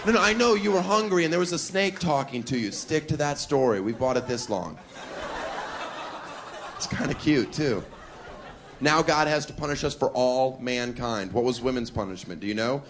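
A man performing provocative live stand-up comedy on a club stage, with mock-defensive asides. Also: medium pitch. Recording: live club with loud crowd noise.

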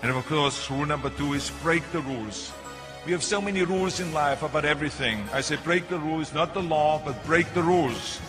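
Speaking briskly in a fairly high voice, this older German-accented keynote speaker delivers a motivational talk full of lively, punchy stories. Faint music plays in an echoey hall.

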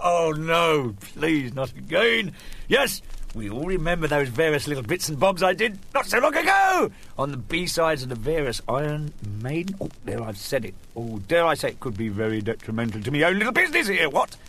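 Middle-aged male host, jokey rambling monologue, lively and slightly high voice. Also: moderate pace, creaky. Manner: playful, rambling, chuckling at his own jokes. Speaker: radio show host. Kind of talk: joking casual monologue.

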